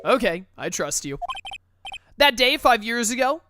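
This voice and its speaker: A woman voicing a big, gentle male convict who speaks halting, broken English, with game music behind. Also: a little high, sing-song.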